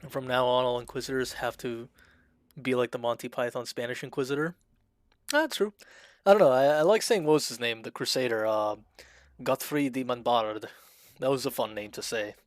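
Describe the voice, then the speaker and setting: A man casually commenting while streaming a video game, talking in a fairly monotone way and reading the game's options aloud. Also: medium pitch, brisk, no room sound. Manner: self-described monotone, dry delivery.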